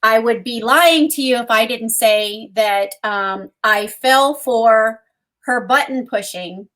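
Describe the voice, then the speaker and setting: A woman's voice: on the high side, takes it slowly, a bit bright. A woman co-host telling a personal story in conversation, earnest, with frequent ums. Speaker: co-host and guest.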